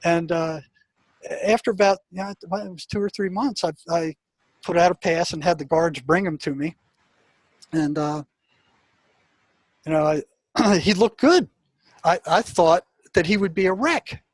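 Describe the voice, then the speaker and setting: An older man with a husky, fairly high voice tells a story as an interview guest. He acts out quotes and noises with animated energy and stumbles into repeated words as he remembers. The sound is dry and close. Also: no echo. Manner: halting, repeats words as he recalls. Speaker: retired psychotherapist, guest.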